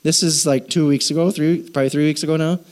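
Middle-aged pastor guy preaching, jokey animated storytelling, kinda high voice. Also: quick pace. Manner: storytelling, self-mocking, animated. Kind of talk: sermon.

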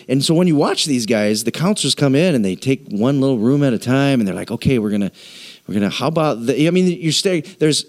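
A man preaches a sermon with a mid-range voice. He talks in an animated, conversational way. When he wants to drive a point home, he slows down and sinks lower. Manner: animated storytelling, voices people in a high pitch, slows and drops low for emphasis. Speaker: pastor.

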